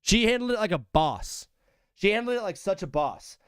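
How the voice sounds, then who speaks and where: A young man hosts a live sports stream, rambling from topic to topic with a jokey, loose manner. His voice sits a bit high and sounds smooth and clear. It is recorded close and dry, with no room sound. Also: big pitch swings, moderate pace, a bit bright, dry recording. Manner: rambling, jokey, calls viewers brother. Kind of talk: casual live-stream chat.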